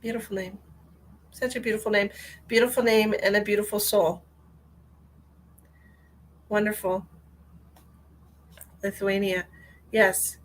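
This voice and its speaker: A woman's voice: mid-range voice, little pitch movement, unhurried, long pauses, a little hiss or hum, poor audio. A woman working as a psychic medium, giving a live-streamed reading in a soothing voice and guiding her viewers through a short meditation.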